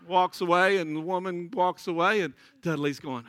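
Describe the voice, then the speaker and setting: A man's voice: on the high side, fairly even intonation, fast, hardly any pauses, fairly bright tone, no room sound. A man preaching a folksy sermon, telling stories and laughing often. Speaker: pastor.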